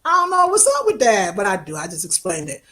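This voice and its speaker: A travel vlogger in her fifties streams a casual, fervent talk to her viewers, repeating herself and talking back at them in loose Black American vernacular. Her mid-range voice is bright and forceful, with huge swings in pitch, and she talks fast.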